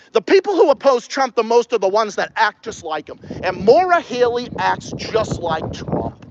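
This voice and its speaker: Man, new england accent, very high voice, swinging pitch, heated profane rant, podcast host, outdoors. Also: dull audio, noisy background. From Massachusetts. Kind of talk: ranting live-stream podcast with viewer questions.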